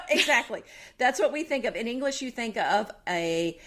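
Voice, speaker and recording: A woman's voice: fairly high pitch, expressive, normal speed, a bit bright. A woman co-hosting a home decorating podcast, chatting casually and reading out listener reviews in a bubbly way. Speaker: podcast co-host. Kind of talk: casual chat.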